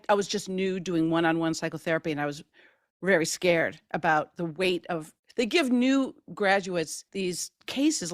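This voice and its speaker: A middle-aged woman hosting a podcast, telling stories in animated casual conversation and laughing often. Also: on the low side, no room sound, clean studio sound. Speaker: podcast host.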